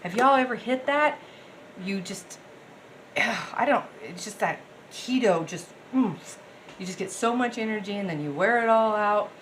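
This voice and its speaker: A woman chats to her viewers in a bubbly, rambling way while she cooks at home. Her voice sits at an average pitch. A faint hum of background noise lies under the kitchen talk. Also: lively intonation, measured pace. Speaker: cooking vlogger. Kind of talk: casual chatty cooking vlog.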